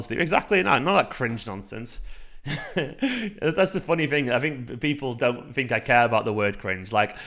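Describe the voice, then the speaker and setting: A man in his thirties hosting a casual fan livestream, excitable and sweary as he reacts to the chat. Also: mid-range voice. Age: 30s. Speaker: fan channel livestream host.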